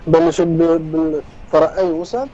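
A man's voice: fairly high pitch, level tone, very fast, mellow, slight background noise. Hesitant male student on a dull line. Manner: hesitant, unsure reading.

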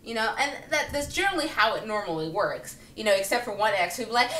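A woman vlogger talking casually and comically to the camera, chatty and animated with many fillers and frequent laughter. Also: medium pitch, quick pace, hardly any pauses, a little hiss or hum. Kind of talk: casual comedic monologue to camera. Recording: roomy echo, speaking from a distance.

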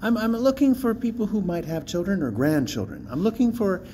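A man's voice: high-pitched, very animated, fairly quick, dark tone, slight background noise. Chatty man vlogging outdoors. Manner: chatty, self-mocking, laughs often. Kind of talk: rambling casual monologue. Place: outdoors by a bridge.

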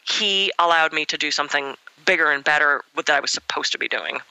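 A middle-aged woman, a massage therapist guest in an interview, telling stories in an animated, laughing way. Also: low voice, quick pace, smooth, dry recording, poor audio. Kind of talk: casual storytelling interview.

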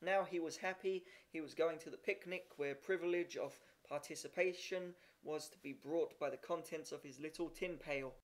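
A man's voice: fairly high pitch, moderate pace, hardly any pauses. A man reading a story aloud, with occasional slips and restarts. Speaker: reader. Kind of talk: amateur audiobook reading.

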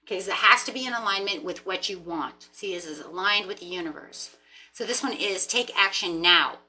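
In a mid-range voice and at a fairly quick clip, a woman reads tarot casually, animated and chatty. Her words frequently repeat and restart as she works things out aloud, and she drops the odd offhand swear.

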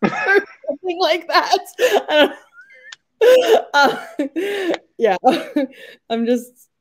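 A woman's voice: very high-pitched, sing-song, very slow. A woman in her forties, an author chatting as an interview guest, laughing often and joking about herself with lots of fillers. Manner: laughing, self-deprecating, many fillers. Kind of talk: casual interview chat.

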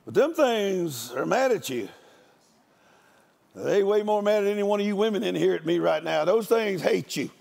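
A man's voice: sits high, expressive, normal speed, vocal fry, darkish tone. An older man, a guest preacher, giving a storytelling sermon in a folksy, joking country manner.

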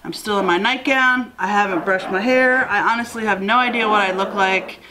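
A woman's voice: mid-range voice, normal speed, a crowd in the background, low-quality recording. A woman hosting a casual eating vlog, just woken up and chatting in a rambling way with fillers, filmed at home. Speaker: mukbang host. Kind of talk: casual chat to camera while eating. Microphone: camera mic.

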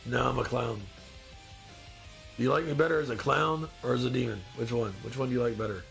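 A man's voice: mid-range voice, fairly even intonation, fairly quick, vocal fry, fairly bright tone, faint music behind. Stuffy-nosed man chatting on a live stream. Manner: loose, joking, rambling, reads out viewer comments. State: stuffy nose. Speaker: live-stream host in demon costume. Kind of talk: casual live-stream chat with viewers.

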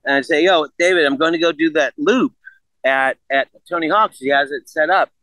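A man in his sixties, on as a podcast guest, tells a story in a casual, animated way, full of swearing and quoted back-and-forth dialogue. His voice is on the high side at a normal speed, and the audio is poor with no room sound.

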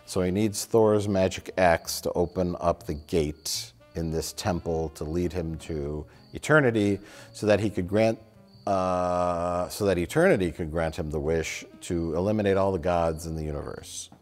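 A man's voice: sits low, moderate pace, a little mellow, soft background music. A man co-hosting a film review show, talking in a rambling casual way with fillers and swearing. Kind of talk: casual chat.

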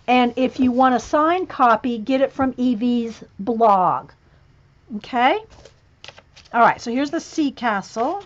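A woman hosting a casual livestream, chatting to viewers as she pages through a coloring book, often chuckling and spelling words aloud. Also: on the high side. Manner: chatty, chuckling, reads out spellings and checks pronunciations. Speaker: livestream host. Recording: muffled lo-fi livestream audio.

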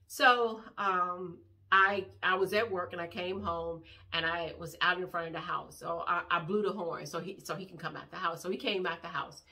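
Lively middle-aged woman telling a story. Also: on the low side. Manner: animated, rambling, acts out quoted voices. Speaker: vlogger. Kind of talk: casual storytelling to camera.

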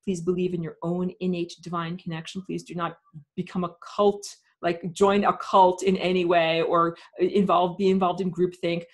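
A woman's voice: fairly low pitch, level tone, moderate pace. Woman in an emphatic webinar rant. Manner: emphatic, hesitant with many fillers. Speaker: webinar teacher. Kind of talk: impassioned live webinar rant.

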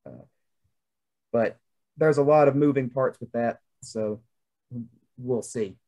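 A man's voice: medium pitch, takes it slowly, mellow. Chatty young Southern man. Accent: Southern American. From American South. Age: young adult. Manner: chatty, rambling with many fillers. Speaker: podcast co-host. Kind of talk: casual chat.

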